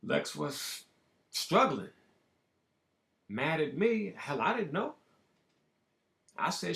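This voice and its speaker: High, lively, gravelly-voiced man. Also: measured pace, pauses often. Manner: profane, emphatic, talks in bursts. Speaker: show host. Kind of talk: casual storytelling monologue. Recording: roomy echo.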